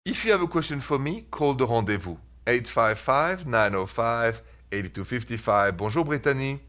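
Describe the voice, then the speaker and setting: A man's voice: medium pitch, very animated, moderate pace, a bit bright. A man with a French accent hosting a call-in advice show, upbeat and reassuring. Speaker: radio advice show host.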